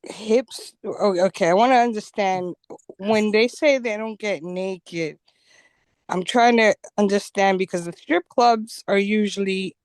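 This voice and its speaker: A woman co-hosting a casual podcast, chatting and laughing with quick asides. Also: medium pitch, clean tone, dry recording. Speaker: podcast co-host. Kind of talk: casual chat.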